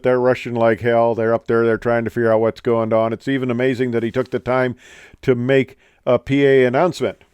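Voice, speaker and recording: A man's voice: medium pitch, flat delivery, a little fast, a little mellow, smooth, no echo, clean studio sound. A man, an airline pilot, telling an aviation story in a casual, rambling way with many hesitations.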